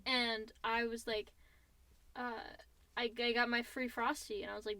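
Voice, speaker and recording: A woman's voice: fairly high pitch, little pitch movement, moderate pace, pushed and bright, dry recording. A young adult woman co-hosting a podcast in casual chat, playful and rambling. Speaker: podcast co-host.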